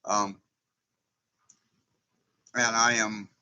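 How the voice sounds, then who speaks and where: Bright-voiced folksy man. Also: on the low side, flat delivery, extremely slow, clean tone, rough recording. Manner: folksy and chatty, chuckling often, reading out viewer names. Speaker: YouTuber hosting a live stream. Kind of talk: casual live-stream chat.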